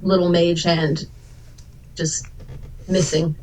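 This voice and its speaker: A woman's voice: lowish voice, level tone, slow, a little mellow, low-quality recording. A woman playing a tabletop game, playful and mischievous. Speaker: player. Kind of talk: casual tabletop play.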